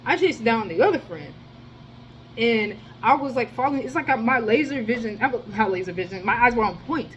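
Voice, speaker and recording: A woman telling a rambling personal story in a casual, profane monologue, with sudden jumps in loudness. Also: on the high side, lively intonation, a little fast, lo-fi sound, slight background noise. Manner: rambling, slangy and profane, with many restarts. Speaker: storyteller vlogger.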